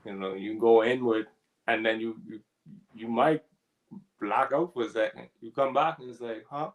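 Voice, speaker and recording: Gravelly, laid-back man with a chuckle. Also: medium pitch, normal speed, poor audio. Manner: relaxed, laughs often, reads out chat comments. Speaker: co-host of a ministry talk. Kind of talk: casual spiritual discussion.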